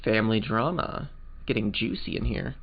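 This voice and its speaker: A man's voice: on the low side, normal speed, gravelly. A man playing and voicing a game, chatting in a loose, joking way. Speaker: let's play host voicing the game. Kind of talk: casual game commentary and voicing. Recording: muffled, game music behind.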